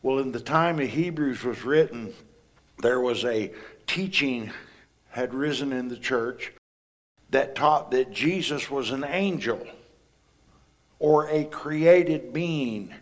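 A man's voice: mid-range voice, takes it slowly, long pauses. Plain-spoken male preacher. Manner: conversational preaching, asks the congregation questions; plain-spoken, folksy asides. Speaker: pastor. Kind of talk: sermon.

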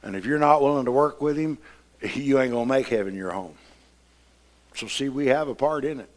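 A man's voice: medium pitch, brisk. Fiery preacher man. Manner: preaching, swings from quiet to loud. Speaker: pastor. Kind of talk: sermon.

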